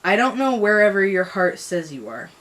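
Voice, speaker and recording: A woman's voice: mid-range voice, very animated, moderate pace, a bit bright, slight background noise. Girl voicing a breezy young girl, chatty.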